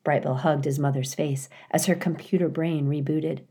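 A woman reading a children's novel aloud at a slow, careful storytelling pace. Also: low-pitched, steady tone, warm tone, breathy edge. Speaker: reader.

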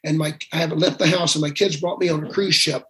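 A man, a guest singer, telling animated stories in conversation, acting out quoted dialogue with self-deprecating humor. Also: a little high, fast talker. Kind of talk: storytelling conversation.

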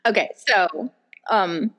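A woman co-hosting a casual podcast, playful and quick to laugh. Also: medium pitch, pushed and bright. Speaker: podcast co-host.

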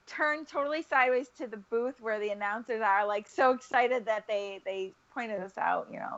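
A woman's voice: normal speed, hardly any pauses. A woman co-hosting a podcast in casual chat, acting out quotes with big swings in her voice. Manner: animated, acts out quotes with big pitch jumps. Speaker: podcast co-host. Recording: dull lo-fi recording.

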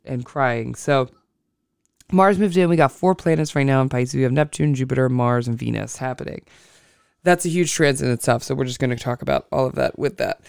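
An astrology podcast host talking casually on their own, slow and deliberate, thinking before each phrase and often correcting themselves mid-sentence. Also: medium pitch, creaky, clear, resonant tone, dry recording, clean studio sound. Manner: self-correcting, with frequent restarts. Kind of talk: casual solo podcast talk.

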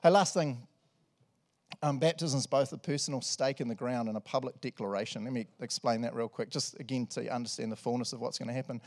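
A male pastor preaching a sermon in a church service, animated and jokey, swinging between loud and soft. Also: medium pitch, fast talker.

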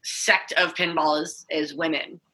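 A woman's voice: low voice, fairly even intonation, a little slow, sharp tone, poor audio. A woman panelist in a casual roundtable chat, talking loosely with many fillers and restarts. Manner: rambling, many fillers like "like" and "you know".

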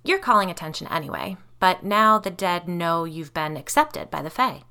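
A woman's voice: fairly low pitch, lively intonation, moderate pace, sharp tone. A woman voicing an offhand, knowing guide. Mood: dismissive. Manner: offhand and dismissive.

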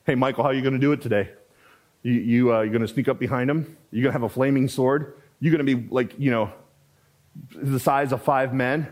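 A man's voice: medium pitch, fairly even intonation, a little mellow, pitched below the performer's own voice, close to an everyday voice. A man voicing a casual heavenly being who peppers an angel with questions. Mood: teasing. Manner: rapid-fire questioning, casual.

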